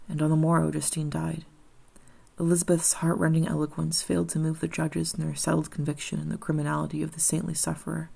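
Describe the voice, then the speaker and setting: A woman narrating an audiobook in a measured, somber reading. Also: sits low, completely flat delivery, vocal fry, warm tone, slightly rough.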